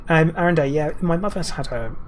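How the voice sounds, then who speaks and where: A man's voice: on the high side, animated, brisk, slight background noise. Rambling male game streamer. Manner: rambling, answers viewer chat. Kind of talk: casual live-stream chat while playing.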